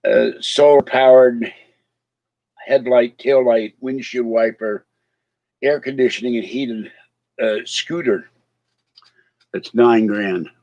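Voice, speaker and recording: Taking it slowly with long pauses, a livestream host speaks in a mid-range, darkish voice with fairly even intonation. He rambles casually, chuckles to chat, and slurs slightly from missing teeth, on a muffled recording.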